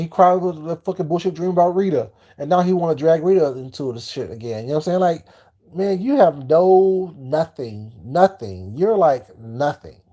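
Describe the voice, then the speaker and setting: A man's voice: on the high side, dark tone. A man ranting bluntly to his live-stream chat, heated and swearing freely.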